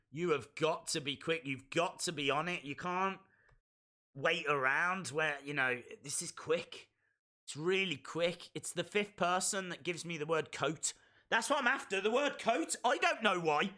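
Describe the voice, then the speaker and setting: A man's voice: a little high, animated, moderate pace, bright, forceful tone. A man hosting a casual live reaction stream of a wrestling show, playfully repeating phrases and reading out viewers' chat.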